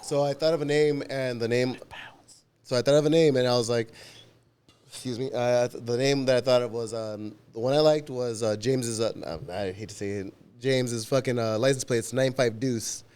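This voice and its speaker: A man's voice: medium pitch, moderate pace, clean tone. A man telling workplace stories on a podcast, swearing freely and acting out the dialogue. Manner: profane, animated anecdotes with quoted dialogue; frequent laughter and restarts. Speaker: podcast guest, union warehouse worker. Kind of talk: casual storytelling chat.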